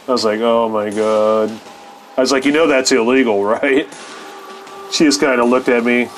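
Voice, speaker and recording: A man's voice: on the low side, a little hiss or hum, poor audio. A man telling a story as a podcast host, with loose, rambling, heavily profane casual talk and frequent laughs.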